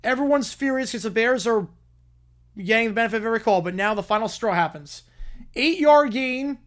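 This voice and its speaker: A man's voice: very high voice, expressive, brisk. A man hosting a livestream who reads a chaotic fan story aloud and keeps breaking off to comment and laugh. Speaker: livestream host.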